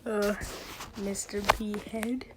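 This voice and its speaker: A woman's voice: mid-range voice, flat delivery, takes it slowly, heavy background noise, close to an everyday voice. A woman voicing a cheeky, troublemaking young male bird pupil who mutters back-talk. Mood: sassy.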